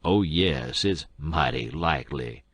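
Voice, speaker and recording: A man's voice: a bass voice, expressive, slow pace, fairly bright tone, slightly rough, no room sound, pitched below the performer's own voice, full character voice. A man putting on a sly drawling old swindler. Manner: drawling, sarcastic. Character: older male con man, sly and whining.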